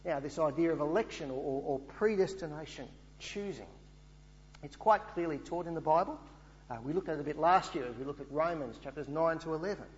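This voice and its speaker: A man's voice: a little high, fairly quick, a little hiss or hum. A man preaching a sermon in an earnest way, often asking rhetorical questions. The recording sounds dull and has a long hall reverb.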